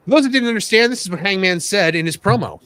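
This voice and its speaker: A man hosting a casual wrestling podcast, animated and joking. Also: high voice, fast talker, clear, resonant tone, no room sound. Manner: animated, joking, rambling with fillers. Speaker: host.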